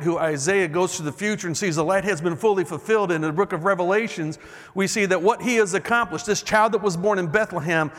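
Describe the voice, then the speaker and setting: A man's voice: high-pitched, a bit bright, in a large hall. A man preaching a sermon in a church, reading song lyrics aloud and building emphasis as he goes. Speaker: pastor.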